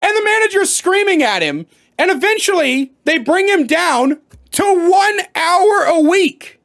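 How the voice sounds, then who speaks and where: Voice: extremely high pitch, a little slow. A storyteller recounting a workplace story in a storytime vlog, emphatic and profane. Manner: animated, profane, emphatic retelling.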